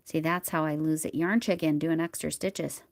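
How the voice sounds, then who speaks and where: A woman hosting a crochet livestream at home, chatting casually as she works and murmuring soft whispered asides to herself. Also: sits low, fairly even intonation, normal speed, gravelly, no room sound. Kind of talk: casual live chat while crocheting.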